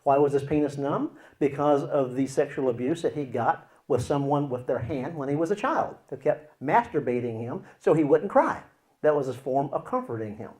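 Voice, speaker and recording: A man teaching as a Christian counselor explains his points through acted examples, swinging between loud and hushed delivery. His voice is medium-pitched and animated, and he keeps a moderate pace.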